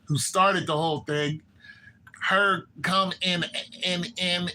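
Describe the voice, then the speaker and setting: Animated man with a bright voice. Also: slow, a little hiss or hum, poor audio. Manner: animated, acts out characters' lines with shifts in pitch. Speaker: TV show commentator. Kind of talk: casual recap and opinion.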